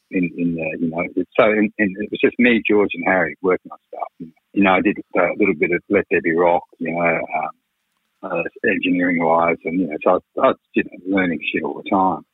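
Husky man telling tales. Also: low-pitched, no echo. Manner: rambling, frank, peppered with "you know" and swearing. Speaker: record producer. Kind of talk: radio interview storytelling. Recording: tinny phone-like radio line.

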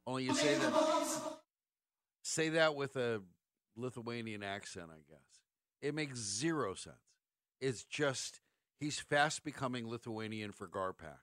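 A man's voice: mid-range voice, a bit bright, dry recording, studio quality. A middle-aged man hosting sports talk radio, ranting sarcastically and firing off rhetorical questions.

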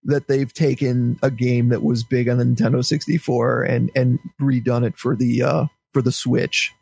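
A man's voice: mid-range voice, level tone, normal speed, vocal fry, a little mellow, breathy edge, dry recording. A man in casual podcast chat, wry and a little hesitant, often chuckling. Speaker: podcast co-host.

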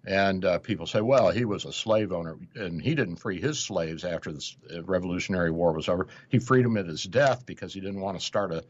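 A man's voice: low-pitched, fairly quick, few pauses, lo-fi sound. A male radio show host in casual talk, rambling with many hesitations and acting out quotes.

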